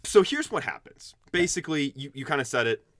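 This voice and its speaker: Podcast dude rambling thru a movie plot, swears a lot, bright punchy voice, dry close mic. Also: male voice, medium pitch, big pitch swings, brisk, no echo. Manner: rambling, profane, laughs often. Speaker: podcast co-host. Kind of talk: casual chat, recapping a movie.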